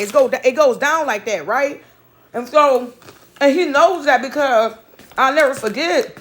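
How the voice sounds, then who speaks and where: A woman with a high-pitched voice rambling through a casual vlog story. She swears freely, quotes what she told others, and keeps checking in with a quick "right?". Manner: retells her own words with "I said". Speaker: vlogger.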